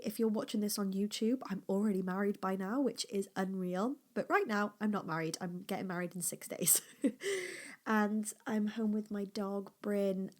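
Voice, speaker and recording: Recording at home, a podcaster who owns a small business chats casually about personal matters in a medium-pitched voice. Open and emotional, she uses fillers and restarts, and her delivery shifts from bright to almost whispered.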